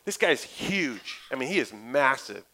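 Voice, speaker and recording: A middle-aged man, a pastor, preaching a lively, conversational sermon full of asides and stories. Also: medium pitch, a little slow, low-quality recording.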